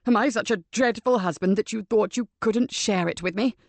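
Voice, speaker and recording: A gentle but blustering older husband, as a woman reader puts him on protests in a raised, bewildered voice. The sound is close and dry. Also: mid-range voice, moderate pace, gravelly, no echo. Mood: pleading.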